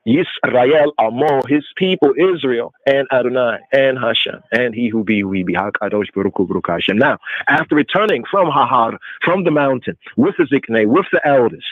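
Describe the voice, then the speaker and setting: Man, radio scripture teacher, mid pitch, explanatory, repeats "right?", tinny phone sound. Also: no echo. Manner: explanatory, repeats words with "right?", mixes Hebrew terms. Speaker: radio show host teaching Torah. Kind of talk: call-in radio Bible teaching. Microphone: call-in phone line. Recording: phone-like narrow band, dry.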